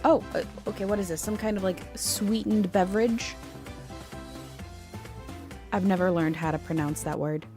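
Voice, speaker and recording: A woman VTuber is streaming live, reacting to a cooking video while chatting casually, poking fun at herself, and tossing playful asides to her chat. Her mid-range voice moves at a moderate pace with long pauses, and music plays underneath.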